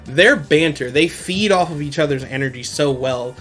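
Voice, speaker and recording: A man's voice: fairly high pitch, moderate pace, a bit bright, slightly rough, soft background music. Slangy, laughing male podcast host. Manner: slangy, laughs often while retelling scenes. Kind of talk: casual solo anime recap.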